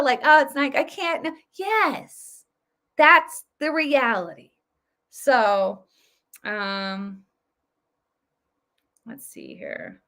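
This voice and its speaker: A woman's voice: high voice, pushed and bright. A woman in her thirties hosting her own political commentary video, talking emphatically and casually with many fillers and restarts. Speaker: political vlog host.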